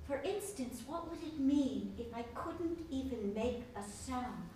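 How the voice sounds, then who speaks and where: A woman's voice: sits high, expressive, dark tone. A woman playing a hesitant younger sister in a roomy hall. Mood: uneasy, musing. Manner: hesitant, questioning, halting. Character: younger sister lying still, anxious, speaking only in her mind. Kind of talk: stage play reading. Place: theater stage. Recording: echoey stage from far off, faint noise.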